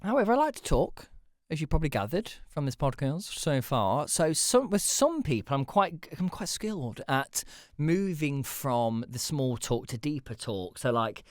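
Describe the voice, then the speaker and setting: Recorded dry in a clean studio, this podcast host has a slightly high voice and is very animated, talking at a normal speed. Alone on his casual show, he wanders off on tangents, pokes fun at himself, and swears now and then.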